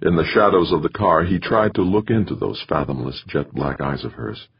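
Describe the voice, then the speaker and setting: A man reading an audiobook in measured, expressive scripted narration, on a slightly muffled recording. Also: a bass voice, vocal fry, husky, no echo.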